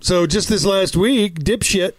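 A man's voice: high-pitched, unhurried, no echo, clean studio sound. A man co-hosting a casual comedy podcast, sarcastic and joking, with rambling asides. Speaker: podcast co-host.

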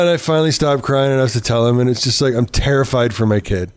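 Middle-aged man, mid pitch, frank storyteller, swears freely, self-deprecating humor. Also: quick pace, few pauses, clean tone. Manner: candid, profane, self-mocking, laughs often. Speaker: parent telling a story. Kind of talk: casual conversation, storytelling.

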